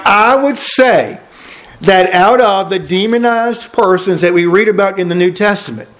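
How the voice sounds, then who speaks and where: A man preaching an expository sermon, emphatic and repeating key phrases for effect. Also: sits high.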